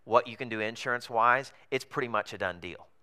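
A man preaching in a relaxed, storytelling way, his voice bright and forceful. His delivery is smooth and crisp, loose and chatty, with fillers and chuckles. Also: medium pitch, brisk. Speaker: pastor planting a church. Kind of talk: conversational sermon storytelling. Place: theater in a comedy club.

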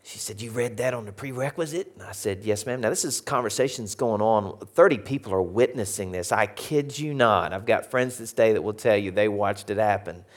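Animated Arkansas man telling a funny story. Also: on the low side, moderate pace, few pauses. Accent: Arkansas Southern. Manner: animated, jokey, swings between loud and hushed. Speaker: speaker. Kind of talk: humorous storytelling talk to an audience.

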